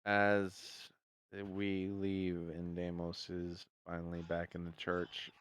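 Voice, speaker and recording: A man's voice: low voice, completely flat delivery, takes it slowly, a bit bright, smooth, no echo. A man narrating a tabletop game as game master, casual and swearing freely.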